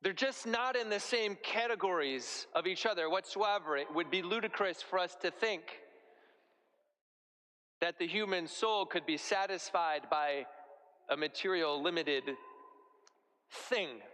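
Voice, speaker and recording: A male priest giving a homily in a relaxed, conversational way, using everyday comparisons. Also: sits high, unhurried, long pauses. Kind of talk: sermon. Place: church. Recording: echoey church hall.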